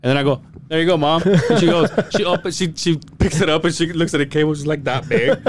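A man's voice: fairly high pitch, fast, slight background noise. A man co-hosting a casual podcast, telling a story full of swearing and laughter. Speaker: podcast co-host. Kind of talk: casual chat.

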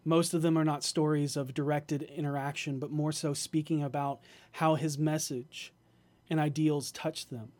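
A man narrating a tabletop game as game master, slow and hesitant with fillers. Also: fairly high pitch, fairly even intonation, a little mellow.

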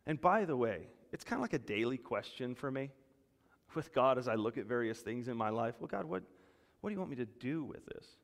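A male pastor preaching a sermon, animated, rising loud and emphatic when he voices God's words. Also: mid-range voice, brisk, creaky. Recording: long hall reverb.

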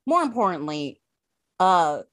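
A woman's voice: on the low side, sing-song, unhurried, fairly bright tone. A woman casually recapping an episode, chatty and full of fillers. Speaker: podcast host recapping an episode.

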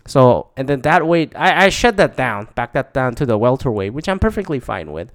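A man's voice: mid-range voice, big pitch swings, normal speed, no echo, studio quality. A man hosting his own show, talking alone in a rambling, profane way with frequent restarts. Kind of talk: casual solo monologue.

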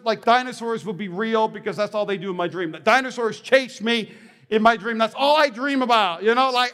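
Very high-voiced man preaching in a hall. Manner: animated storytelling, repeats words as he restarts. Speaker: pastor. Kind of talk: sermon. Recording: long hall reverb.

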